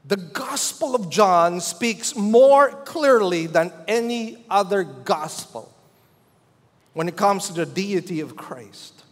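A man preaching a sermon as pastor, emphatic and swelling louder on repeated calls to believe. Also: sits high, lively intonation, slow, long reverb tail.

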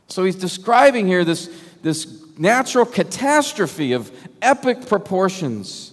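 A man preaching a sermon, emphatic and full of rhetorical questions, sometimes dropping to a hush. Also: sits high, sing-song, measured pace. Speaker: pastor. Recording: long hall reverb.

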